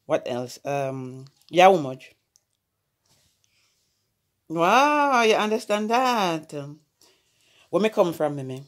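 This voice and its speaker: A woman with a Jamaican accent talks casually in a home family vlog, coaxing and laughing as she slips between patois, English and French. Her voice sits a little low. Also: big pitch swings, slow pace, long pauses. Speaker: family vlogger.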